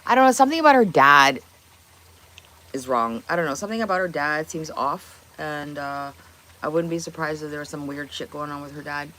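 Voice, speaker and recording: This woman runs a casual kitchen livestream from home, speaking a little fast in a low, slightly bright voice. She's opinionated and blunt, swearing and throwing out one rhetorical question after another.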